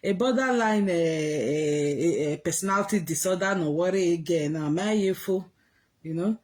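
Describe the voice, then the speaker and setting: A woman's voice: lowish voice, moderate pace, a little mellow. A woman chatting casually on a livestream, mocking someone and greeting viewers by name. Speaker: livestream host. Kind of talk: casual gossip commentary.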